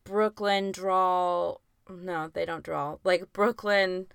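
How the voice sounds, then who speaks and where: Chatty woman with a smooth, clear voice. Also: lowish voice, fairly even intonation, slow, fairly bright tone, no echo, clean studio sound. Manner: chatty, many "like" fillers, laughs often. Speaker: podcast co-host. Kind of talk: casual chat.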